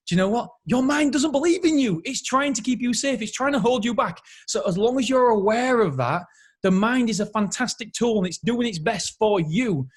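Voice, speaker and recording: A man's voice: sits high, slightly rough. A man hosting a solo motivational podcast, talking earnestly to his listeners as friends. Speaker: podcast host.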